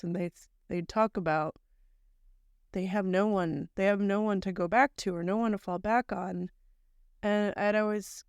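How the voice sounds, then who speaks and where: A woman's voice: mid-range voice, darkish tone, smooth, no echo, studio quality. A woman co-hosting a podcast, recounting a story in long chatty chains and speaking bluntly, with mild swearing. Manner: conversational, recounting events in long run-on chains. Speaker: podcast co-host. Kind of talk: casual chat recapping a story.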